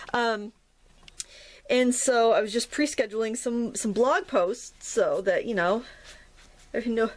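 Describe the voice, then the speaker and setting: A middle-aged woman from New England, chatting and rambling while she teaches a watercolor painting tutorial, often laughing at herself. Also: on the high side. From New England, United States. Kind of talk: casual narrated painting tutorial.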